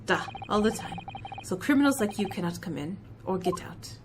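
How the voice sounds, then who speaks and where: A woman voicing a gruff, burly male ship guard with a mock Russian accent and blunt broken English. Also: mid-range voice, lively intonation, normal speed, background noise, voice pushed down, close to an everyday voice. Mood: curt.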